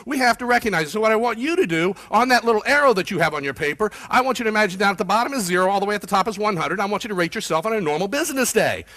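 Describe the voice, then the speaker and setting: A man giving an energetic, fast-paced motivational keynote talk to a room of people, often quizzing the audience. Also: high voice. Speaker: keynote speaker.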